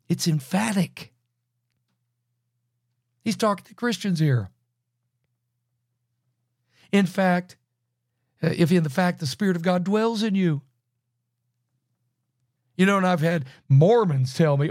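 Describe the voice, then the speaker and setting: A man teaching through a Bible book verse by verse, emphatic, with loud bursts and low asides. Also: animated, slow, pauses often, no room sound, clean studio sound.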